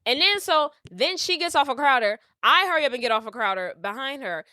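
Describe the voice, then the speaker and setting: A woman hosts a podcast, telling a story in an animated, profane way. Her voice is high and bright. It is recorded close and dry. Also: a little fast, no room sound. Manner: animated and profane, acting out quotes. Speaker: podcast host. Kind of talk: casual storytelling.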